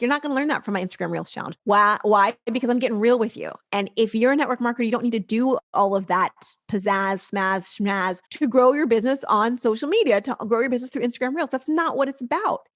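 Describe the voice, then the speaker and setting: Energetic high-voiced woman podcast host. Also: no room sound, studio quality. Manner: energetic, blunt tough-love delivery with acted-out quotes. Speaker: podcast host and social media coach. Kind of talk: solo podcast pep talk.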